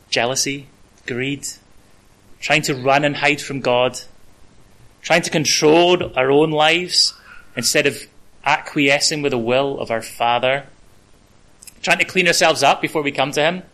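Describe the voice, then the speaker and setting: Guy preaching, bright clear voice, chatty and relaxed delivery. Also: fairly high pitch, rough recording. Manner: conversational preaching, with asides and fillers. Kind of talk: sermon.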